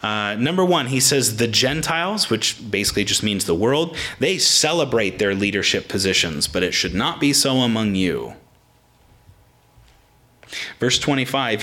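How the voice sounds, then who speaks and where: A man's voice: fairly low pitch, animated, normal speed, sharp tone. A man preaching a conversational sermon in a plain, casual way, often restarting his sentences.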